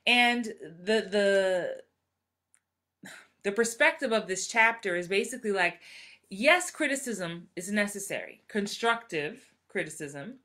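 Acting coach, woman, 40s, bright and animated, live talk. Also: mid-range voice. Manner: animated, acts out quoted voices. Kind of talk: live-streamed motivational talk.

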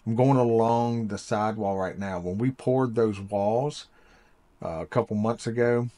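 A man's voice: lowish voice, steady tone, measured pace, mellow. Plain-spoken middle-aged man narrating. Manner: plain-spoken, explains steps as he goes. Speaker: builder and channel host. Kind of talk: casual voice-over narration of construction footage.

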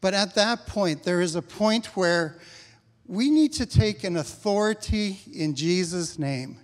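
A man's voice: high voice, animated, a little slow, long reverb tail. A middle-aged male pastor preaching a sermon in a church, talking conversationally and acting out prayers with rising intensity. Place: church sanctuary.

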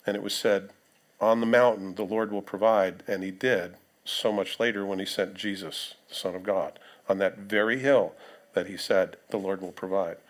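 A man's voice: fairly low pitch, fairly even intonation, normal speed. A male pastor preaching a sermon in a conversational way, reading scripture aloud and putting questions to the congregation.

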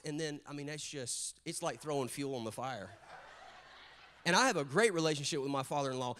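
A male pastor with a high, light voice preaches a story-driven sermon. He is middle-aged and animated, and he acts out quotes in quick bursts before he settles back into plain preaching.

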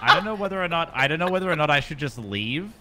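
A man chatting excitedly with friends while they game, often laughing mid-sentence. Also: on the high side, quick pace. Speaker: gaming friend. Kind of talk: casual chat while gaming.

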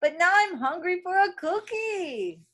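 A woman from an elementary school reading a picture book aloud to children, with playful, expressive asides and chatty comments. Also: very high voice, unhurried. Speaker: elementary school staff member.

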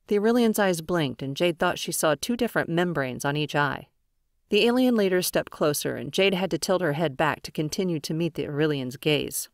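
A woman narrating a science fiction audiobook in a steady, even storytelling way. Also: fairly low pitch, brisk, no room sound, clean studio sound. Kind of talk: scripted narration.

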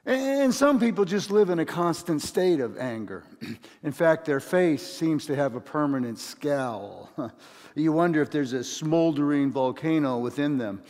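A man's voice: on the high side, expressive, unhurried, darkish tone, in a large hall. A man preaching a sermon as a pastor, telling stories with chatty asides and acting out voices. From California.

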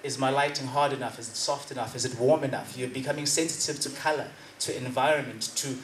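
A man's voice: medium pitch, fairly even intonation, quick pace, slight background noise. A man with a South African accent, giving an emphatic acting masterclass talk and dramatically reciting poetry to a room. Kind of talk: energetic workshop talk. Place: event venue with audience. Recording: echoey venue from far off.

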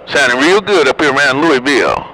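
A man's voice: medium pitch, expressive, brisk, pushed and bright, low-quality recording. Man bantering over CB radio. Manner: slangy, teasing banter. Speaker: CB radio operator. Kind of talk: casual CB radio chat.

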